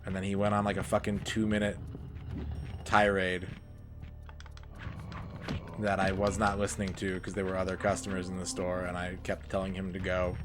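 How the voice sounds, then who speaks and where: A man's voice: low-pitched, completely flat delivery, moderate pace, long pauses. A young man chatting casually while he streams a game, rambling and sarcastic. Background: game music.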